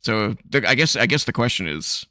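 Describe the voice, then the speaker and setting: A man's voice: mid-range voice, lively intonation, brisk, bright, forceful tone, no echo, studio quality. A man co-hosting a casual chat who laughs often and talks very expressively. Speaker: co-host.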